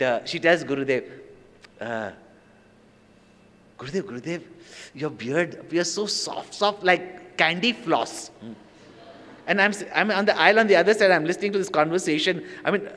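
A swami telling stories to an audience, acting out the quotes. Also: male voice, fairly high pitch, fairly bright tone. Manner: storytelling with acted quotes and laughter. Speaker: swami giving a talk. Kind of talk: anecdotal spiritual talk. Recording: long hall reverb.

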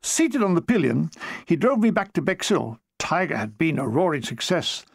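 An older man from England reading his own war memoir aloud, with dry comic timing and quick jumps into put-on voices. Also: fairly high pitch, very animated, vocal fry, breathy edge, no echo.

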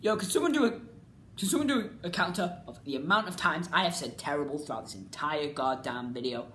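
A woman rants through a casual review, exasperated and repetitive. Her voice leaps and dips in pitch, moving from loud cries to grumbling mutters. The sound is roomy and echoey, with a faint hiss of background noise. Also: lively intonation, fairly quick. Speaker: vlogger reviewing a TV series. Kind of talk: ranting casual commentary.

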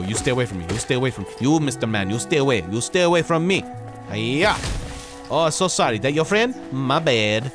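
A young man giving casual, goofy let's play commentary, excitedly talking to the game's characters. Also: mid-range voice. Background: game music.

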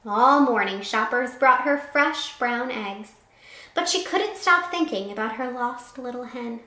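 With a fairly high voice and a measured pace, a woman reads a picture book to a group of children as their teacher. Her storytelling is lively and expressive, sprinkled with small asides, and the audio carries a roomy echo.

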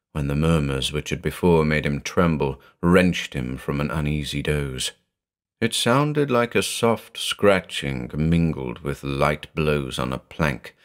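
A man with a very deep voice narrates a horror tale. He takes his time, letting each phrase land, and his pitch rises and falls with lively drama. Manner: dramatic, measured storytelling.

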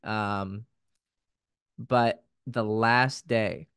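A young man, a dating coach, telling stories in casual podcast chat, lively and freely swearing. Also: on the low side, very slow, clean tone, no echo, studio quality. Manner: animated storyteller, swears freely.

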